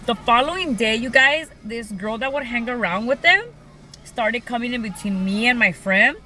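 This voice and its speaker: A woman's voice: fairly high pitch, moderate pace, sharp tone, rough recording. A young woman casually telling a personal story to her viewers, chatty and full of "like" and "you guys". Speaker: vlogger.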